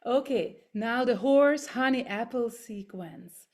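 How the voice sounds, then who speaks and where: A woman leading a voice workshop over a video call, gently coaching step by step through exercises in English that is not her first language. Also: a little high, animated, slow. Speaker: voice workshop leader. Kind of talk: guided voice and body exercises.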